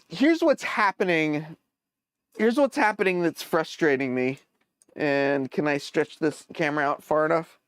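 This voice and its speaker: Slow, clear-voiced man chatting on stream. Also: fairly high pitch, dry recording. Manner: thinks aloud while troubleshooting, answers viewer chat; hesitant, many fillers and restarts. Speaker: live-stream host. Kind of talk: casual live-stream chat.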